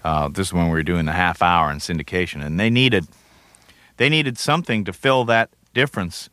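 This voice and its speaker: A man's voice: deep voice, fairly quick, bright, forceful tone, no echo. A comedian from Canada in his forties, giving rambling, wry, self-deprecating interview answers. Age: 40s. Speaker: comedian guest.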